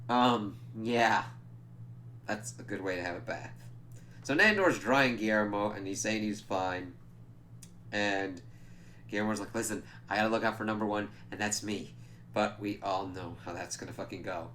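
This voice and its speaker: Profane, animated man recapping a show. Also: medium pitch, slight background noise. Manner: animated, profane retelling with quoted lines; stumbles over words and laughs at himself. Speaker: TV reviewer. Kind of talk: casual episode recap.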